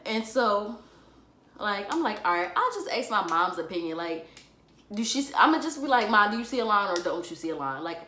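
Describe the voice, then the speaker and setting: A young woman vlogger, telling a personal story in a casual, animated and dramatic way, full of fillers. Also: mid-range voice, moderate pace. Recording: echoey room with faint ambient noise.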